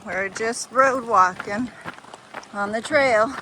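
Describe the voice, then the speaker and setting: A woman chatting in a relaxed, matter-of-fact way while walking outdoors on a trail. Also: a little high, slow pace, noisy background. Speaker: thru-hiker, vlogger's wife. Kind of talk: casual chat while walking. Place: outdoors on a trail road walk.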